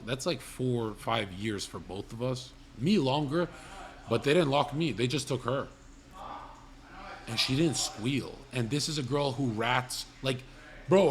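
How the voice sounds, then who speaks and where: A man's voice: mid-range voice, a bit bright, a little hiss or hum. A young man hosting a livestream, telling crude comedic stories in a blunt, rambling, profane way. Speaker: livestream host.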